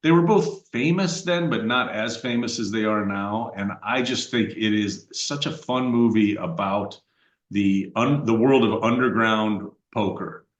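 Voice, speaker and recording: Middle-aged male podcast host, somewhat low voice, relaxed rambling delivery, echoey room. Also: unhurried. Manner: rambling, conversational, frequent uh fillers and restarts. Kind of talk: casual podcast chat.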